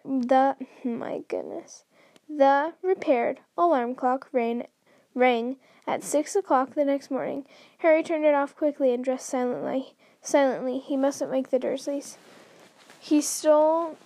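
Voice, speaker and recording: A woman's voice: high-pitched, dark tone, dry recording. A woman hosting a podcast, reading a book aloud in an unrehearsed way, often stumbling and restarting lines. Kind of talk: unrehearsed read-aloud narration.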